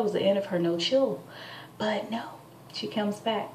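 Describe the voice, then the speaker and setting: A woman's voice: medium pitch, a little slow, darkish tone, distant mic. A tired young woman in her twenties venting to camera at home late at night, chatty and full of fillers. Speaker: vlogger. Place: at home, indoors. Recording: echoey room, off-mic, faint background noise.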